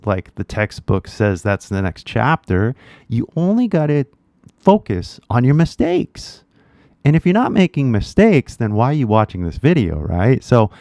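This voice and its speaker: Male accent coach, Californian accent, easygoing slangy delivery, low-pitched, dry sound. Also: vocal fry, warm tone, dry recording. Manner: laid-back slangy talk, keeps tagging "right?". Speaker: English accent teacher. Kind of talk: casual spoken lesson.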